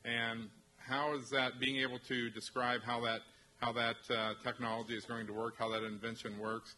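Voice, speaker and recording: A man from a university technology transfer office presenting to faculty, halting, with many restarts and fillers. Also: medium pitch, sharp tone, a little hiss or hum, low-quality recording.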